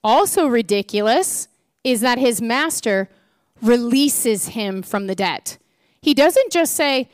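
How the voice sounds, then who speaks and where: A woman preaching a sermon, telling a parable with playful, animated rhetorical questions. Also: fairly high pitch, takes it slowly, clear, resonant tone, dry recording, studio quality. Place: church.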